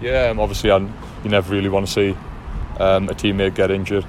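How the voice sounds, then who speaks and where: Flat halting young footballer outdoors. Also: male voice, low voice, noisy background. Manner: halting, flat, filler-heavy. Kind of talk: post-match interview.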